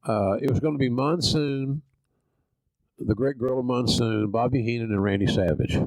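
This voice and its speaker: A man's voice: medium pitch, normal speed, darkish tone, dry recording, poor audio. An older man with a Southern Oklahoma accent, hosting a podcast and telling stories in a folksy, salty, self-deprecating way. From Oklahoma, USA. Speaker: podcast host. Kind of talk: casual storytelling.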